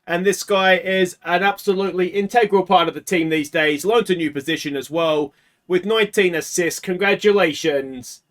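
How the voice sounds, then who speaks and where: Aussie guy with a high voice doing casual game commentary, mutters then yells when it goes wrong. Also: moderate pace. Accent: Australian. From Australia. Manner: emotional, swings from muttering to anguished shouts. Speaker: let's play host.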